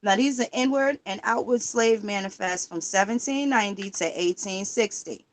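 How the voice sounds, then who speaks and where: A woman's voice: medium pitch, moderate pace. A woman livestreaming in casual talk, emphatic and profane, firing rhetorical questions while she searches records online. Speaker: livestream host.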